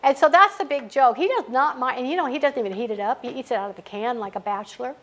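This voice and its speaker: A middle-aged woman with a high voice leads a writing workshop, talking casually and telling stories that make her laugh. Her delivery is chatty and informal, and it is recorded in a library meeting room. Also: fast talker, a little hiss or hum.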